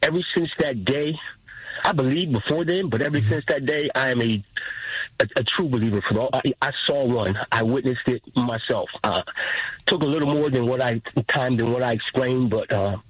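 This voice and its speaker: A man's voice: mid-range voice, normal speed, husky, no room sound. A man calling in to a radio show by phone, telling his story in an earnest, emotional way. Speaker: caller, military veteran. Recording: phone line.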